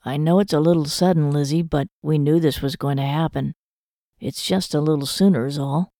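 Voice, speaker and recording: A woman reading an audiobook voices a young soldier, speaking softly and slowly to reassure. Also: low voice, steady tone, no room sound, studio quality. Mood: tender. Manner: soft, slow, reassuring. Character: gentle young soldier, calm and tender. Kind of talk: audiobook character voice.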